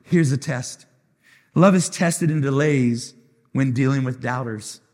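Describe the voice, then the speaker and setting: A man's voice: mid-range voice, a little slow, darkish tone. A man preaching as lead pastor in a live sermon, with impassioned, repetitive phrases that swell into sung lines. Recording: long hall reverb.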